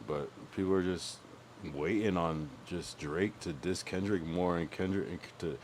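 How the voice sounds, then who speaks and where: A young man on a livestream, chatting loosely and cursing freely as he rambles. His voice sits very low. A soft hum of room ambience runs underneath. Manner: rambling, profane, thinks aloud about music. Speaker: streamer. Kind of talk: casual livestream chat.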